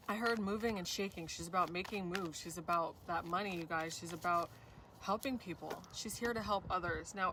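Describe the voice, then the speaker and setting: A woman's voice: medium pitch, bright, forceful tone, recorded from a distance, a little hiss or hum. A woman giving a spiritual tarot reading, gushing and effusive, often addressing viewers as "you guys". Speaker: tarot reader.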